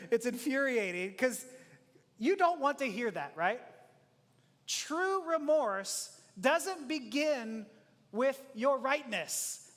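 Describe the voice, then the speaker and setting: A pastor with an unusually high male voice delivers a sermon in a loose, animated, conversational way, slipping into acted-out quotes and chuckling often. His voice rings with long reverb from a large church room. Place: church auditorium.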